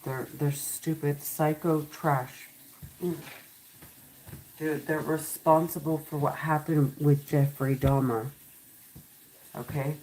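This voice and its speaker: A woman's voice: sits low, level tone, slow pace, long pauses, a little mellow, slight background noise, poor audio. A woman recording a vlog at home, talking in an agitated, pleading, repetitive way. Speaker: vlogger. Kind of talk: monologue to camera.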